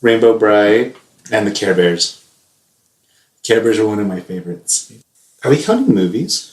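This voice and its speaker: A man in his thirties, co-hosting a podcast in relaxed, rambling chat that is full of laughs. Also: fairly low pitch, a little slow. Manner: chatty, rambling, laughs often. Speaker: podcast co-host. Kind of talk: casual chat. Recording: roomy echo.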